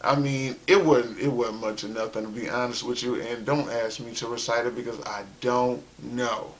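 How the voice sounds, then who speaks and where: A man's voice: mid-range voice, steady tone, normal speed. A man from South Carolina, telling his life story in a loose, conversational way with lots of "you know" and "like". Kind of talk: casual spoken storytelling.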